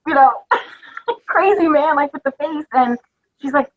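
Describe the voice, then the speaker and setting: A woman with a fairly high voice chats casually as a podcast host, eager and quick to laugh. Her audio sounds a little dull and lo-fi. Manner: enthusiastic, laughs often, recounts scenes.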